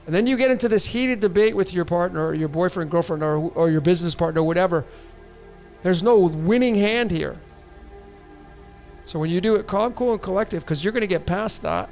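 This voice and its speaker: Man, tarot livestream host, loose and rambling with restarts, higher voice. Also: fairly quick, darkish tone, faint music behind. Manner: rambling, repetitive restarts, casual swearing. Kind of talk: casual livestream reading.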